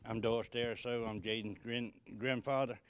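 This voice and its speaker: An older man giving a short tribute as a grandfather, earnest and devout, with a few halting restarts. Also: mid-range voice, fairly even intonation, clean tone.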